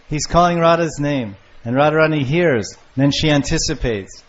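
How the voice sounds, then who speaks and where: An older man giving a devotional lecture on scripture, storytelling with lively acted-out voices. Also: on the high side, normal speed, hardly any pauses. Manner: animated storyteller, acting out lovers' calls. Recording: muffled lo-fi lecture recording.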